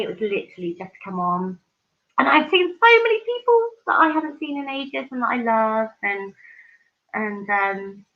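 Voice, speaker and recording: A woman hosting a live stream, chatting casually and effusively with viewers, reading out their comments with many ums and restarts. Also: a little high. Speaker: livestream host. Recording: dull lo-fi stream audio.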